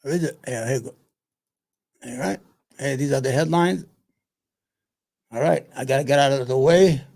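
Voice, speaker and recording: A man's voice: mid-range voice, normal speed, gravelly, long pauses, darkish tone. A man hosting his own commentary show, talking loosely and profanely, muttering to himself as he searches for things between points. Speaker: solo commentary host. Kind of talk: rambling casual commentary.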